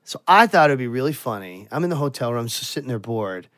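A man's voice: medium pitch, animated, fast, a bit bright, dry recording, studio quality. A man telling a crude story in casual podcast chat, swearing a lot and laughing as he goes.

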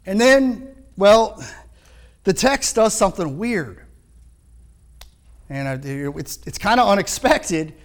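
Male pastor, high voice, lively and chatty in a sermon. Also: slow, pauses often. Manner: animated, conversational, frequent restarts.

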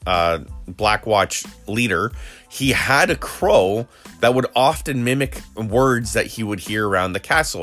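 A man casually recapping a TV episode, rambling with frequent restarts and quick quoted lines. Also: fairly low pitch, pushed and bright. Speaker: video creator recapping a TV episode.

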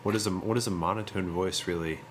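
A man's voice: low-pitched, fairly even intonation, fast talker, a little hiss or hum. A man co-hosting a film podcast, teasing his partner in dry banter. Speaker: podcast co-host. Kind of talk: casual chat.

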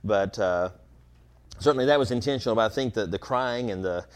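Casual pastor explaining a passage. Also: male voice, on the low side, fairly quick, clear, resonant tone. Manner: casual, explanatory, many fillers and restarts. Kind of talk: conversational sermon.

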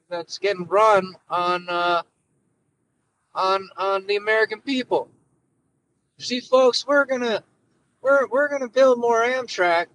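A man's voice: high-pitched, a bit bright, slight background noise, rough recording. A man putting on a rambling, stammering elderly male politician in a comic impression, recorded in a car through a phone. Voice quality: stammering, repetitive, hoarse-edged. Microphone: phone through car system.

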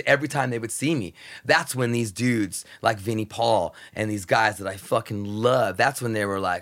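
A man in casual podcast talk, excitable and profane, rambling with many restarts. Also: mid-range voice. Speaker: radio host guest.

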